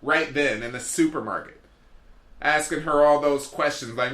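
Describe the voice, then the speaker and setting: Sharp-voiced man rambling comic monologue. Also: fairly high pitch, normal speed. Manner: rambling, goes off on tangents. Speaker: podcast host. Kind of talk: comedic storytelling monologue. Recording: roomy echo.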